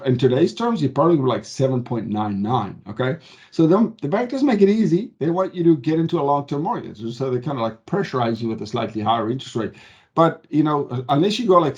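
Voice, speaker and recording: This mortgage advisor talks to camera in a fairly high, slightly mellow voice, breaking down loans in a chatty way. He leans hard on key words and keeps asking "okay?" to check in.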